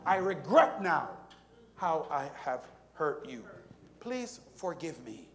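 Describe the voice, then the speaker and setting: A man's voice: high-pitched, animated. A man preaching a sermon as pastor, building to emphatic climaxes and stretching out key words. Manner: preaching with rising, emphatic climaxes and drawn-out stresses.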